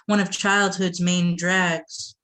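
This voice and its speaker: A woman from the Boston area reading her poems aloud at a poetry event, with a measured delivery and short asides to the audience. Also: lowish voice, level tone, fairly bright tone. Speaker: poet reading her work.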